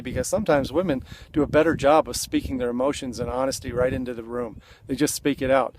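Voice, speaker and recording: A man's voice: mid-range voice, noisy background. A man coaching other men straight to camera in an earnest, conversational way, acting out the lines he suggests they say. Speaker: relationship coach. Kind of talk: direct-to-camera coaching talk. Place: indoors, seated.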